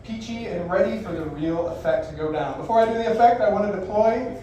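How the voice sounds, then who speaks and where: High-voiced brash stage magician man. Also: fairly quick, dark tone, dull audio, faint music behind. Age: 40s. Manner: brash, profane, theatrical showman. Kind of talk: live comedic magic patter. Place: live bar venue stage. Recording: echoey live room, distant mic, faint noise.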